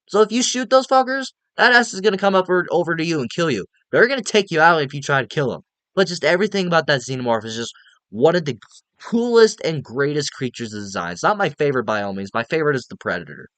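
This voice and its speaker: A man giving a casual, rambling movie review, excitable and swearing freely as he gushes about the film. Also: medium pitch, no echo.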